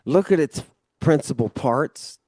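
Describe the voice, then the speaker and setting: Teaching Ancient Greek to a single student, this man keeps it casual and loose, swearing mildly, walking through each step and frequently asking "right?" His voice sits on the high side, animated and darkish, and he speaks a little slowly. The recording is dry.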